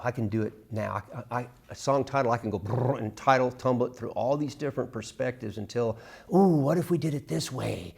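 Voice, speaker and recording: A middle-aged man teaching a casual songwriting workshop, acting out lyric lines with lively emphasis. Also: medium pitch, vocal fry. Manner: animated, sings and acts out lyric examples.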